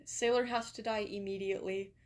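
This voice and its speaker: A woman's voice: medium pitch, steady tone, fairly quick. A young woman from England chatting casually on a live stream, rambling, reading her chat aloud, and swearing and laughing easily.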